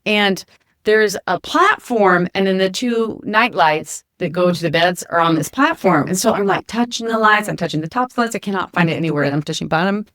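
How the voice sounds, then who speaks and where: Fast-talking woman telling a story. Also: mid-range voice, no room sound, clean studio sound. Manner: animated storyteller acting out quoted voices. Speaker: podcast co-host, flight attendant. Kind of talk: casual storytelling chat. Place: home kitchen.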